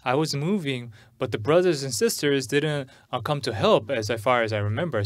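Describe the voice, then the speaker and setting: A middle-aged man preaching a sermon in English at a church service. He tells a personal story in a halting way, often repeating and restarting words. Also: mid-range voice, dry recording. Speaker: pastor.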